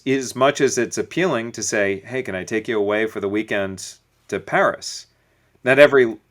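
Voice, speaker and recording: A man, a business coach as guest, explaining points through acted-out everyday stories in a relaxed interview. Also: mid-range voice. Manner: storytelling, acts out little dialogues. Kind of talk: conversational podcast interview.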